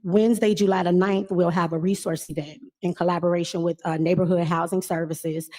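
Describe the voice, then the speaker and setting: A woman community organizer giving public meeting announcements with a steady delivery and many filler pauses. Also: lowish voice.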